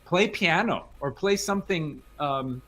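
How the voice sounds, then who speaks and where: A man judging a music competition, giving animated spoken feedback to a young player. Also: a little high, a little slow, slight background noise. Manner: animated, sings phrases aloud to illustrate. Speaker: competition judge.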